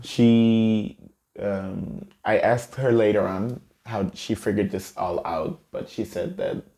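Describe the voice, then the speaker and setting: A man's voice: lowish voice, fairly even intonation, takes it slowly, mellow. A man earnestly and emotionally telling a personal story to camera in a vlog. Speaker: vlogger.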